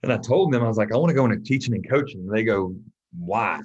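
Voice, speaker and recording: Male coach guest, low-voiced, lively storyteller who acts out quotes, from Mississippi, lo-fi podcast audio. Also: very fast, husky. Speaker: guest, track and football coach. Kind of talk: casual storytelling interview.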